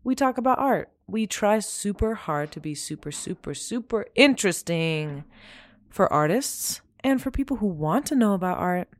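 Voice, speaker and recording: A young woman co-hosting a casual podcast chat, telling stories in an animated way and laughing often. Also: mid-range voice, normal speed, no room sound, clean studio sound. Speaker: podcast co-host.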